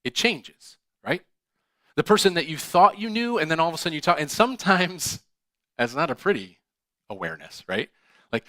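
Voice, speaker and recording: Guy pastor telling a funny story from the pulpit, bright sharp voice, dry sound, acts out all the lines. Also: a little high, fairly quick, no echo. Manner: animated, acts out dialogue with laughs. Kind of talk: storytelling sermon. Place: church.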